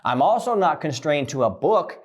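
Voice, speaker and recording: A man giving a blunt, profane coaching monologue about relationships, swinging from loud emphasis to low, quiet lines. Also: sing-song, moderate pace.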